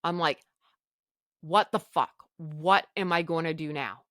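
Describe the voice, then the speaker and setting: A middle-aged woman telling a personal story on a podcast, animated and acting out the lines of everyone involved. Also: low-pitched, unhurried, dry recording, clean studio sound. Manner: animated retelling with quoted dialogue. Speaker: podcast guest sharing her story.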